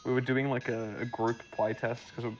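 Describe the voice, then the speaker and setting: A man's voice: medium pitch, little pitch movement, brisk, music in the background, rough recording. A man telling a rambling story full of fillers during a casual gaming chat, speaking over a voice call. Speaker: map builder guiding a playthrough.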